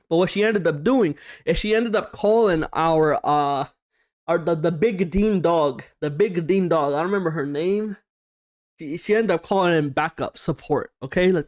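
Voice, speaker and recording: A young man hosting a casual storytime vlog, slangy and animated, swearing often and acting out what people said. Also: on the high side. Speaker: storytime YouTuber.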